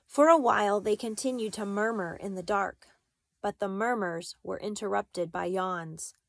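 Woman narrator, measured storytelling, dry close mic, mid pitch. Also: gravelly, no echo. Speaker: audiobook reader. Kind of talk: reading a children's novel aloud.

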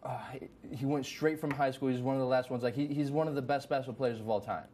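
A young man hosting a casual chat show, rambling with many fillers and restarts, getting excited at times. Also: mid-range voice, fast, slight background noise. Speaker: host.

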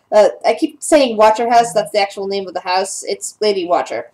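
A woman running a tabletop game as game master, narrating with frequent pauses and restarts. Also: medium pitch, steady tone, darkish tone, poor audio. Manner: hesitant, with many fillers and restarts.

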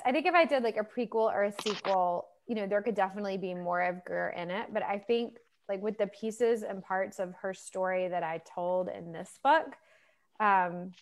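Woman author, chatty, filler-heavy, relaxed interview chat, video call. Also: mid-range voice. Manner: chatty, lots of fillers and laughs. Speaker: author guest.

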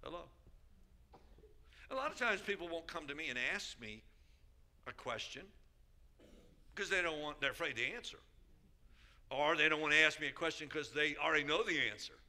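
A man preaching as a bishop, his voice pitched a little high and piercingly bright. He drives his points home by repeating phrases and calling out to his listeners. The delivery is emphatic throughout. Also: animated, moderate pace, long pauses. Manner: emphatic, repeats key phrases, calls out to the congregation. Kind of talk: sermon.

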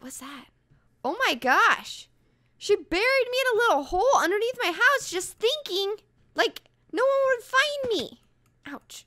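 A young woman narrating her game in a bubbly, theatrical way, acting offended for laughs. Her voice sits very high and swings around a lot. The tone is bright and clear. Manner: bubbly, dramatic, mock-offended. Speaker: gaming channel host. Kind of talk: casual gaming commentary.

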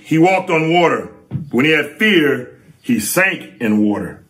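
A middle-aged man preaching a sermon, emphatic and lively, with sudden rises for stress. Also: fairly high pitch.

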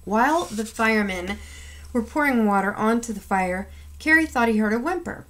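A woman's voice: fairly high pitch, animated, normal speed, a bit bright. A woman reading a children's picture book aloud, acting out the sound effects with expression. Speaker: storyteller.

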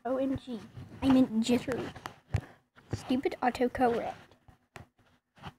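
A high-voiced woman reads funny text messages aloud and reacts with playful, exaggerated amusement. She takes her time over the lines. Clear noise sits behind her voice. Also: flat delivery, slow pace. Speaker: comedy video narrator.

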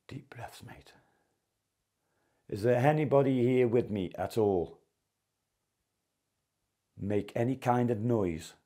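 A man's voice: medium pitch, slow pace, pauses often, warm tone. A man investigating a house at night, coaxingly calling out to spirits and asking for knocks. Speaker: paranormal investigator. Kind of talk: calling out during a ghost hunt.

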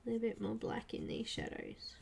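A soft-spoken woman talks casually through a live coloring stream, her voice slipping into quiet murmurs and whispers now and then. Her tone has a gravelly edge, and a faint hiss of background noise sits under it. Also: fairly high pitch, huge pitch swings, a little fast. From Australia. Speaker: livestream coloring artist.

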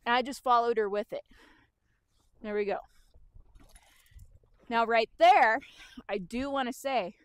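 A woman horse trainer explaining calmly while working with a horse outdoors and talking to it as she goes. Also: a little high, measured pace, long pauses, dry recording. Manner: calm, explanatory, talks to the horse as she works.

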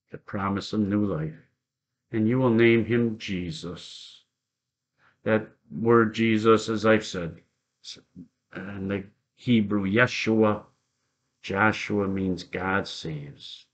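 A middle-aged male pastor leading a Bible study, speaking gently and reflectively and telling stories with soft laughs. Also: on the low side, slow. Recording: dull lo-fi sound.

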